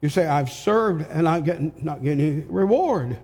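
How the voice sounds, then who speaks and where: Older male preacher, slightly high voice, slow and deliberate, heavy reverb. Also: lively intonation, darkish tone, breathy edge. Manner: slow, emphatic preaching with rhetorical questions. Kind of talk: sermon. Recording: long hall reverb.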